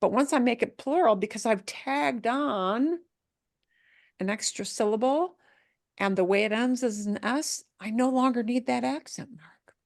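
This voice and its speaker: A woman teaching a Spanish pronunciation lesson, repeating words slowly and playfully. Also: on the high side, gravelly, no echo, clean studio sound.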